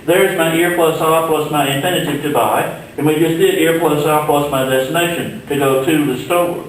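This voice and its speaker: A man giving a recorded Spanish grammar lesson, explaining slowly and patiently with the odd filler. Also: fairly high pitch, a little hiss or hum. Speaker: Spanish teacher. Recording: very echoey room, mic far off.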